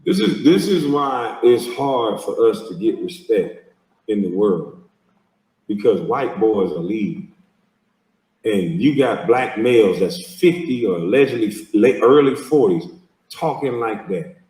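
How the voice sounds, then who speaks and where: A man's voice: lowish voice, lively intonation, measured pace, mellow, recorded from a distance. A man hosting a heated reaction commentary, mocking and confrontational and swearing a lot. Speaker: host reacting to a video clip. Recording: echoey room, speaker off mic.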